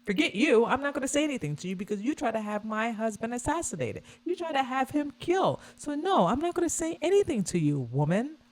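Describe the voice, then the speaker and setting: A woman's voice: on the high side, very animated, fast talker, hardly any pauses, darkish tone, voice pushed up. A woman putting on a defiant, scornful lady. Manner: scornful, emphatic. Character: indignant woman snubbing a rival, defiant.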